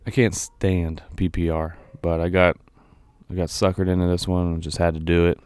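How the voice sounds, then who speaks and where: A man co-hosting a casual sports podcast, relaxed and running the segment. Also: deep voice, moderate pace, clear, resonant tone, no echo, studio quality. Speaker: podcast co-host.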